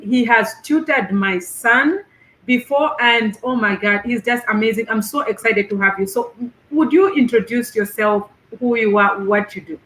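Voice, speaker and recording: A woman's voice: on the high side, sharp tone. Effusive woman host, echoey room. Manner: effusive, many fillers. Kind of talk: casual online panel chat.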